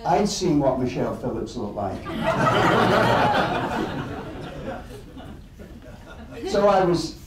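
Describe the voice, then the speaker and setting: An English man from England telling anecdotes to an audience in an animated, chuckling way. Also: fairly high pitch, extremely slow, long pauses, very echoey, far from the mic, very noisy. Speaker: guest storyteller.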